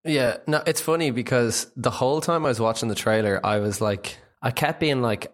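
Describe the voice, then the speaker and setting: A man's voice: mid-range voice, moderate pace, hardly any pauses. A man co-hosting a film podcast, talking loosely with lots of "like" and swearing. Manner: loose, swearing, filler-heavy. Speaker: podcast co-host. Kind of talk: casual film chat.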